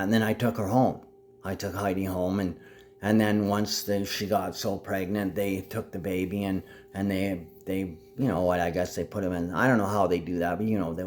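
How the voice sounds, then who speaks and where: Rambling man with a lowish voice. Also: darkish tone, a little hiss or hum. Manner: rambling, jumps between grumbling and sudden high outbursts; frequent restarts and half-finished sentences. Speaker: vlogger. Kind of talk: rambling monologue to camera.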